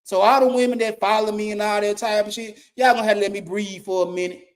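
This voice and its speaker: Blunt, profane man ranting, high voice. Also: level tone, fast. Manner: blunt, profane, emphatic, repeats his points. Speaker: YouTube commentator. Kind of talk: ranting monologue.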